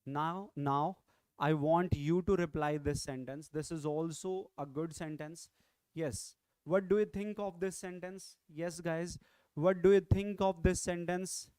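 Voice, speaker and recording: A man with an Indian English accent runs an online grammar class, his voice high-pitched and resonant. He repeats each point and keeps nudging viewers to comment. The sound is dry and close to the mic. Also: fairly even intonation, a little slow, a little mellow, clean tone, dry recording. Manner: repetitive, coaxing viewers to comment. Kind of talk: online exam-prep lecture.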